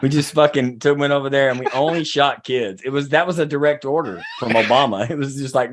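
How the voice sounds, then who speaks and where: A man's voice: medium pitch, fairly quick, hardly any pauses. A man co-hosting a comedy podcast, boisterous and crude, laughing often. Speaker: podcast co-host.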